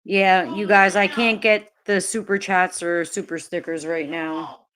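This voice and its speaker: A woman's voice: fairly low pitch, fairly even intonation, unhurried, fairly bright tone. A woman live-streaming, talking casually to her chat, laughing often and swearing freely. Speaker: livestreamer.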